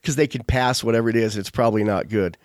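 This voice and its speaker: A man's voice: on the low side, fairly even intonation, fast, dry recording, clean studio sound. A man hosting a show, chatting casually in a rambling, digressive way full of fillers. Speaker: podcast host. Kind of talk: casual chat.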